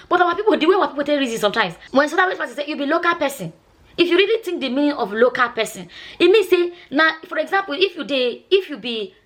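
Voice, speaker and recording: A Nigerian woman vlogger and nurse chatting casually, telling a long story in Nigerian Pidgin and often asking "you understand?". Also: high-pitched. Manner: chatty, repeats herself, asks "you understand?".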